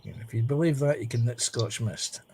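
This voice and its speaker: A man's voice: medium pitch, brisk, a little mellow, a little hiss or hum. A Scottish man chatting casually and teasing friends while building a model. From Scotland. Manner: teasing, dry humour.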